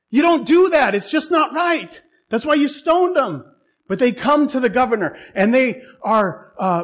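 A man's voice: very high-pitched, fairly bright tone. A man preaching a sermon, retelling a Bible story with humor and irony.

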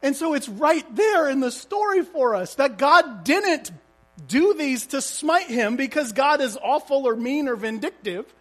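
A man's voice: very high-pitched, animated, measured pace. A man preaching a sermon as a pastor, telling stories vividly and asking the congregation rhetorical questions.

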